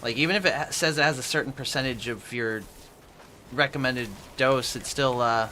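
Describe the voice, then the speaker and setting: A man's voice: mid-range voice, moderate pace, sharp tone, a little hiss or hum. A man streaming at home from his apartment, casually chatting with viewers and answering their chat messages aloud as he plays.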